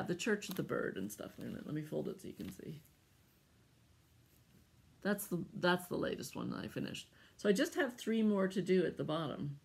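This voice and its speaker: Chatty american lady vlogging from home, husky stuffy voice, lowish, laughs a lot. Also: darkish tone. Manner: chatty, laughs often, trails into asides. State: congested from allergies. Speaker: cross-stitch vlogger. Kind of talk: casual chat to camera. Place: at home, indoors.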